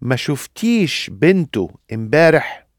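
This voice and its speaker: Man student, rapid confident repeats, lively pitch. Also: no room sound, clean studio sound. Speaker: language student. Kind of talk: repeating drill phrases.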